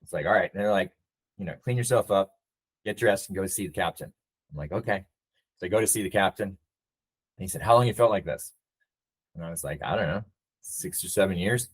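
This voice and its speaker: A man's voice: fairly low pitch, slightly rough, poor audio. A middle-aged man, a navy veteran and nonprofit leader, telling his story in a casual interview and acting out the lines of people in it. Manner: reflective storyteller who acts out quoted dialogue.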